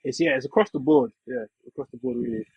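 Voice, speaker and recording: Rich: A young man from England talks in a relaxed, rambling way, leaning on fillers. His voice is husky and a little breathy. The recording is dry and somewhat dull, as if muffled. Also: medium pitch, fast, no room sound. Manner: laid-back, lots of fillers like "you know what I mean". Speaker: podcast guest. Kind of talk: casual chat.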